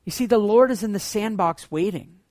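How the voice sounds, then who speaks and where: A man delivers a sermon as pastor, his voice sitting fairly high. He swings from loud, excited bursts down to hushed, low passages. The sound is dry and close, with no room around it. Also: moderate pace, dry recording.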